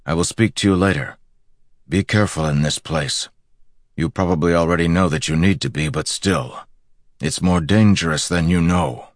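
A man voicing a steady, protective young hero. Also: sits low, normal speed, no room sound, clean studio sound, close to an everyday voice. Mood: earnest. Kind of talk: audiobook character voice.

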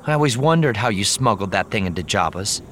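A man voicing a sharp-tongued young woman smuggler who speaks in scornful, clipped protests. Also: lowish voice, lively intonation, fast talker, noisy background, pitched above the performer's own voice, lightly acted. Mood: sour.

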